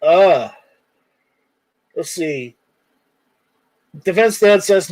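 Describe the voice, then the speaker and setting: A man's voice: high-pitched, expressive, normal speed, fairly bright tone, no room sound, low-quality recording. A man hosting a casual livestream, reading viewer comments aloud and rambling with jokes. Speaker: livestream host reading chat.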